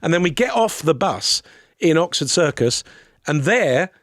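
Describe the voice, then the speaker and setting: A brisk male podcast guest spins animated, sweary stories in a raised, fairly high voice, piling on asides and quoted exchanges in casual chat. The sound is dry and close, without room echo.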